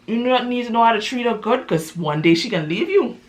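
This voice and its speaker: A woman's voice: a little high, expressive, a little fast, pitched above the performer's own voice, close to an everyday voice. An earnest young man, voiced by a woman storyteller, pleading and scolding a friend. His voice rises and dips with feeling. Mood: concerned.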